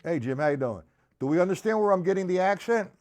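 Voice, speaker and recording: A man's voice: sits high, lively intonation, fast, loud music behind the voice. A man teaching a live-streamed drum lesson, counting beats aloud and asking viewers to respond.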